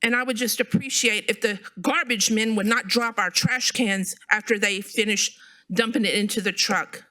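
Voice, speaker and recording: A woman's voice: mid-range voice, steady tone, normal speed, bright, forceful tone. A woman giving a frustrated, emphatic public comment at a city council meeting. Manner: frustrated, emphatic, repeats herself.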